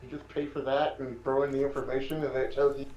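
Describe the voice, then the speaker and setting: A man's voice: medium pitch, flat delivery, quick pace, darkish tone, highs cut off. A man running a tabletop game, chatting casually and rambling with lots of fillers after the session. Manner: rambling, filler-heavy, easygoing. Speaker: game master. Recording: echoey room with faint noise.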